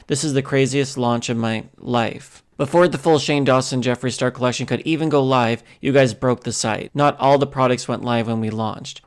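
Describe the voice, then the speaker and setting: A man's voice: mid-range voice, vocal fry, clean tone. Man reading out and commenting on posts. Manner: reads quoted posts loudly, then talks casually with fillers. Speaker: commentary channel host.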